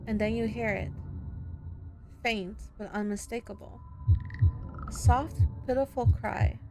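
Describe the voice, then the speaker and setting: A woman streamer reading horror game text aloud, slow and dramatic with long pauses. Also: a little high, vocal fry, music in the background. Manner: reads slowly with drawn-out pauses, then shouts angrily at the character.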